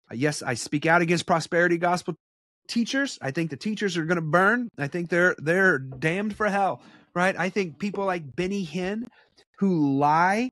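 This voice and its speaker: Animated man teaching the Bible, dry close mic. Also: fairly high pitch, no echo. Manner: conversational, animated, with blunt asides. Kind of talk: casual preaching and Bible study.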